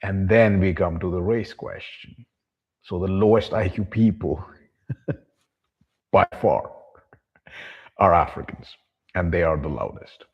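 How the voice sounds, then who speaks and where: A man's voice: low-pitched, slow, creaky, long pauses, breathy edge, muffled recording. A man vlogging a monologue to camera, ranting bluntly and with profanity, and talking about himself in the third person.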